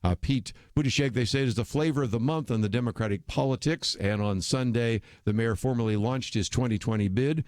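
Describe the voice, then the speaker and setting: A man's voice: medium pitch, brisk, few pauses, darkish tone, no echo, clean studio sound. A man hosting a radio talk show, giving opinionated commentary in a conversational way with frequent fillers. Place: radio studio.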